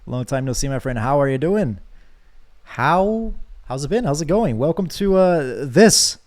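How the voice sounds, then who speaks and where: A man's voice: a little high, lively intonation, a little slow, darkish tone. A young man streaming a game, chatting casually with his viewers, joking and reading chat aloud.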